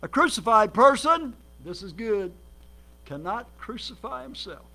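A man preaching as a guest, telling his life story with lively acted quotes and sudden swings between loud and soft. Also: high voice, a little slow, gravelly. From Minnesota, United States. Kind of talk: sermon.

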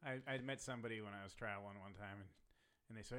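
A middle-aged man chatting casually, low-key and laid-back, with quiet asides. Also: steady tone, rapid-fire, a loud crowd. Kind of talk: casual chat.

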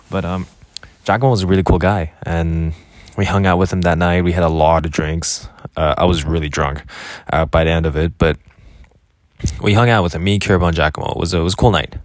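A man's voice: sits low, steady tone, fairly quick, no echo. A young man casually recounting his travels as a vlogger, rambling and correcting himself with many fillers. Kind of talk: casual spoken travel diary.

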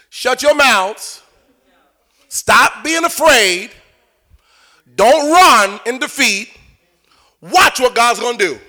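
High-voiced man preaching a sermon. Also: lively intonation, drawn-out words, long pauses. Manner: preaching with shouted and sung-out phrases, acting out dialogue. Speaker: pastor.

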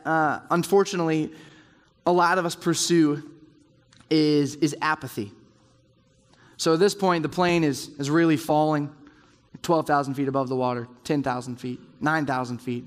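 Man, high voice, conversational sermon, acts out inner voices, long hall reverb. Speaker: speaker at a men's group. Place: large room with round tables.

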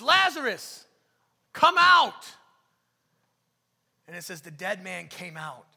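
A male pastor preaching a sermon in an animated way, swinging from loud calls to hushed near-whispers. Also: a little high, vocal fry, slightly rough. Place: church sanctuary. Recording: long hall reverb.

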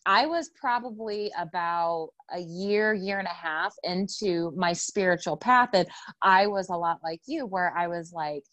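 A woman's voice: lowish voice, a little slow, a bit bright, no echo. A woman hosting a spiritual podcast, talking in an effusive, gushing way as she introduces and chats with a friend. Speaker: podcast host.

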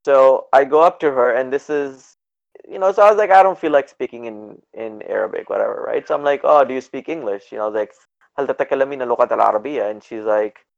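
Gravelly guy on a podcast, telling stories and doing everyone's lines, kinda dull lo-fi sound. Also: medium pitch, rapid-fire. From Canada. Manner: animated, acts out dialogue in quoted voices, laughs often. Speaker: guest. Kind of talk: casual storytelling in a podcast interview.

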